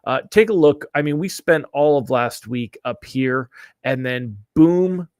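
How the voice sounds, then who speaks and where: A man's voice: fairly high pitch, lively intonation, unhurried, darkish tone, smooth, no room sound, clean studio sound. A man hosting a daily live-streamed mortgage rate update, chatty and upbeat, greeting viewers by name, slightly stuffy from allergies.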